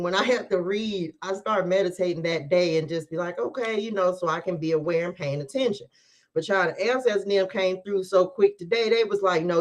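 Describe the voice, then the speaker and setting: Woman tarot reader hosting a live stream; casual, lively, laughing, talks to the viewers. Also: mid-range voice. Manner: chatty, animated, laughs often, talks straight to viewers.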